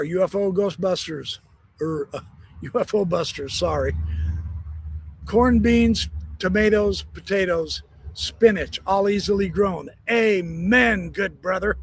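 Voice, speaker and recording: Jokey backyard streamer, a man with a husky, slightly high voice who rambles cheerfully. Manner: rambling, jokey, laughs at own jokes. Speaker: live stream host. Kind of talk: casual live-stream chat. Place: backyard, outdoors.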